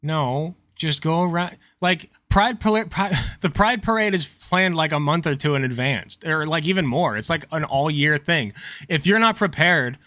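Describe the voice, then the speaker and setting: Excitable sarcastic reaction host. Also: male voice, fairly high pitch, normal speed, no room sound, clean studio sound. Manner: excitable and sarcastic, with sudden outbursts. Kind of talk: casual reaction commentary.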